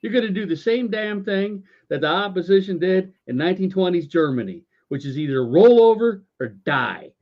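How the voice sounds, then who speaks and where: Stammering, sarcastic high-voiced man. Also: big pitch swings, moderate pace, few pauses. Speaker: podcast co-host. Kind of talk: casual political rant. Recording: dull lo-fi audio.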